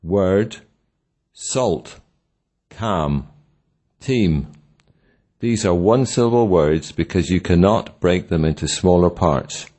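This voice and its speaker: A man narrating a scripted pronunciation lesson, slowly and deliberately sounding out example words. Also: deep voice, expressive, dark tone. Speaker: pronunciation teacher.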